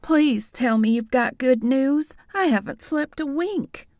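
A woman's voice: high voice, lively intonation, takes it slowly, darkish tone, dry recording, studio quality, voice pushed up, heavily acted. A woman doing an anxious young vampire woman. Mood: earnest. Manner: earnest, pleading.

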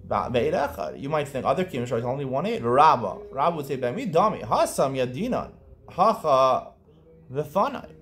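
A man teaching a Talmud lesson, explaining quickly and lifting into a chanting lilt on quoted Aramaic, with frequent restarts. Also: medium pitch, sing-song, fairly bright tone, a little hiss or hum. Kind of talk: daf yomi study lesson.

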